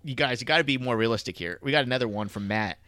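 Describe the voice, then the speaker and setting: A man co-hosting a podcast in casual chat, easygoing and halting, with many fillers. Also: medium pitch, expressive, bright, forceful tone, dry recording. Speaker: podcast co-host.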